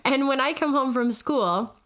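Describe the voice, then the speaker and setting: A woman's voice: sits high, measured pace, fairly bright tone. A woman in her thirties, co-hosting a podcast, telling a funny story in casual chat and laughing as she goes. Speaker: podcast co-host.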